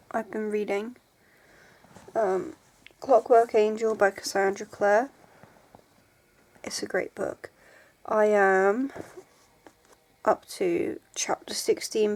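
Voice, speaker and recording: A woman's voice: mid-range voice, fairly even intonation, takes it slowly, pauses often, a little mellow. A woman in her twenties, rambling and emotional in a casual vlog, tired and sore. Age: 20s. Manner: rambling, emotional, full of "like"s and restarts. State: tired and in pain. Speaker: book vlogger.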